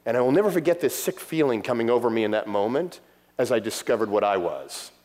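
A man's voice: medium pitch, expressive, fast, a little mellow. A middle-aged man preaching a sermon, telling a story with passion and acting out what people said. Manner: impassioned storytelling, acting out quotes. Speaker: pastor. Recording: long hall reverb.

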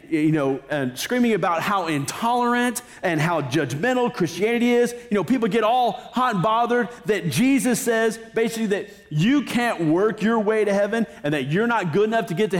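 A man's voice: high-pitched, big-room sound. A man preaching a casual sermon in a conversational, emphatic way, with slangy asides.

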